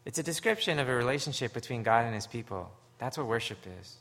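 A man from Canada preaching a sermon, earnest and story-driven, swinging from hushed, low moments to loud, emphatic ones. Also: animated, quick pace. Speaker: pastor.

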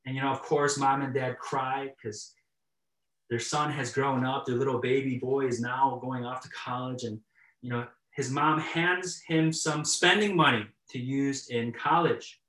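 A man's voice: medium pitch, fairly even intonation, a little slow, roomy sound, recorded from a distance, rough recording. A male pastor giving a sermon, telling a story in a conversational, chuckling way with frequent restarts. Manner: conversational, warm storytelling with chuckles and repeated starts.

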